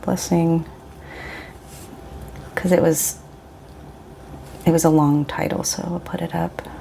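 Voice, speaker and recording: Slight background noise sits behind this woman in her forties, whose low, dark voice comes out slow and flat with vocal fry. She's a Pacific Northwest vlogger trying out inks, chatting casually, rambling and interrupting herself as she swatches.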